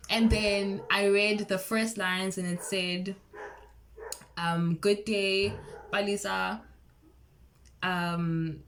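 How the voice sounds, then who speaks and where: A woman in her early twenties telling a personal story in a casual vlog, chatty and excitable, full of fillers and quoted dialogue. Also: mid-range voice, takes it slowly, long pauses, slight background noise. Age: early 20s. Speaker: vlogger.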